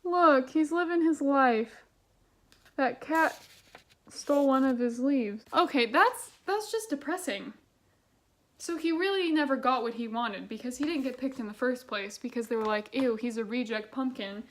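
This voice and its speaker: Young woman reading kids books out loud, sarcastic and chatty, kinda high voice. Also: a little slow. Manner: chatty and sarcastic, swears casually. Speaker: book vlogger. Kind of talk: casual read-aloud and commentary.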